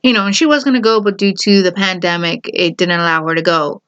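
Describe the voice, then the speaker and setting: Smooth-voiced woman giving emphatic opinions. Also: fairly low pitch, fairly even intonation, quick pace, a bit bright, highs cut off. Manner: emphatic, repeats her points, talks straight to the viewer. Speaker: vlogger. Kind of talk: casual opinion vlog.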